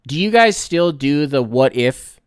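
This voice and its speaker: A man's voice: fairly high pitch, expressive, measured pace, clear, resonant tone, no echo, clean studio sound. A man hosting a sports podcast, ranting in a heated, rambling way, swearing and often restarting his sentences. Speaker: podcast host. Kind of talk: casual sports podcast rant.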